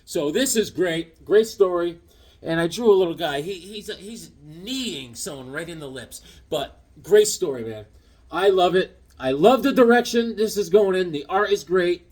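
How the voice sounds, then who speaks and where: A man's voice: high-pitched, normal speed. A man chatting casually on his comic book channel, rambling through stories and doing voices. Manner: rambling, animated storytelling with voices. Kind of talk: casual vlog chat.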